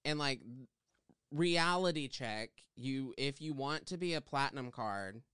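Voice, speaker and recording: Chatty male co-host, smooth resonant voice, dry close sound, rambling storyteller. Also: medium pitch, expressive, measured pace, bright, forceful tone, no room sound. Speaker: podcast co-host, hairstylist. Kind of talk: casual chat, storytelling.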